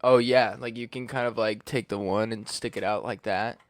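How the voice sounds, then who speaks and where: A man's voice: fairly low pitch, steady tone, moderate pace. A man hosting a casual podcast from a basement, cursing freely and laughing as he tells stories. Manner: profane, laughing storyteller. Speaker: podcast host. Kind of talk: casual chat. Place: home basement studio.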